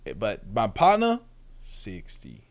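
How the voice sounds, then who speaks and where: A man's voice: fairly low pitch, huge pitch swings, slow pace. Young guy streamer rambling on, slangy, cussing, keeps restarting his sentences. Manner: rambling, slangy, swears freely, restarts often. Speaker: streamer reacting to a video. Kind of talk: casual chat.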